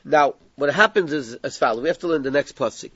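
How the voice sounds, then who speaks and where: A man's voice: fairly high pitch, a little fast, a bit bright, husky. A man teaching a text study class, explaining the passage step by step and mixing in Hebrew terms. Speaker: Torah teacher. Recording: dull lo-fi recording.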